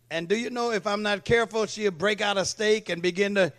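Preaching briskly with few pauses, this man has a high-sitting, steady, somewhat bright voice. During the church sermon he asks for amens and whether the congregation is following.

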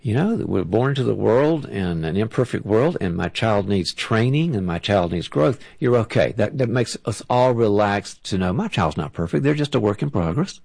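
A man's voice: on the low side, lively intonation, moderate pace, creaky, few pauses, a little mellow, dry recording. A man, a parenting author, giving direct and practical advice on a talk show and acting out what a parent would say. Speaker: parenting author and guest expert.

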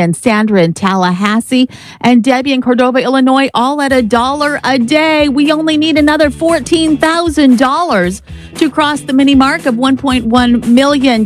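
A woman's voice: sits high, normal speed. A woman co-hosting a radio pledge drive, urging listeners to give and repeating the phone number. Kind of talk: pledge drive fundraising appeal.

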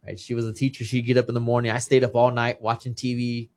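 A man's voice: medium pitch, monotone, quick pace, a little mellow. Guy in his 30s, ex-boxer, telling an emotional story, repeats himself a lot. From Texas. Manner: emotional, retells dialogue, repeats words. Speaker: guest, retired boxer. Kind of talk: casual interview storytelling.

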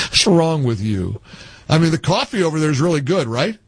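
A middle-aged man hosting call-in talk radio, animated, jokey and easily exasperated. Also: fairly high pitch, slightly rough, no echo. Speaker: radio talk show host.

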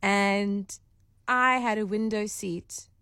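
A woman's voice: medium pitch, fairly even intonation, slow, bright, forceful tone, smooth, no echo. Co-host, woman, chatty storyteller, dry close studio sound. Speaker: radio co-host. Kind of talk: casual radio chat.

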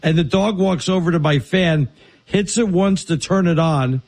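A man co-hosting a casual sports talk show, telling animated stories. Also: fairly high pitch, normal speed. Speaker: co-host. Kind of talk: casual sports radio chat.

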